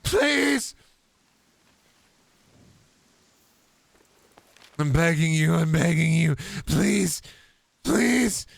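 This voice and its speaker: A man putting on a shrill, wailing beggar. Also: big pitch swings, slow pace, creaky, husky, no room sound, soft background music, exaggerated voice. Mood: begging. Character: pathetic begging adult man, desperate and whiny.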